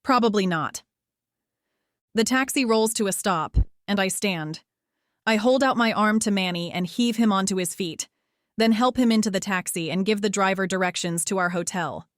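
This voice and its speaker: A woman reading a teen spy thriller as first-person audiobook narration, steady and lightly dramatic. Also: medium pitch, normal speed, no echo, clean studio sound.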